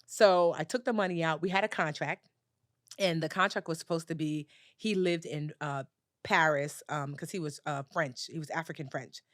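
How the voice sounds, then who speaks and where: Woman guest, mid-low voice, lively storyteller who acts out every line, dry close mic. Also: moderate pace, no room sound. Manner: animated storyteller, acts out dialogue with big pitch jumps. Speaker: personal finance educator, podcast guest. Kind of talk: storytelling in a conversational interview.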